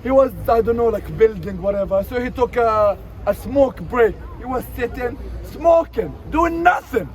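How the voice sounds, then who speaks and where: A man giving an emotional protest speech outdoors in a city street, his voice rising to shouts. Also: extremely high pitch, expressive, moderate pace, hardly any pauses, rough recording. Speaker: protest speaker. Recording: outdoor crowd noise. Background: crowd of protesters.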